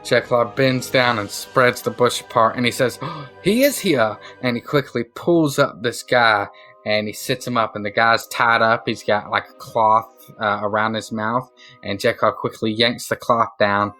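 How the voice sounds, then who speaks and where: Bright-voiced, casual male game master. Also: lowish voice, level tone, moderate pace, soft background music. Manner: casual, loose, full of fillers. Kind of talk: narrating a tabletop game.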